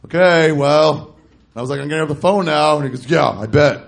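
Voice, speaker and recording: This thirty-something comedian speaks a little fast in a fairly high, creaky voice. Holding a mic on a club stage, he tells a stand-up story and performs both sides of phone conversations loudly.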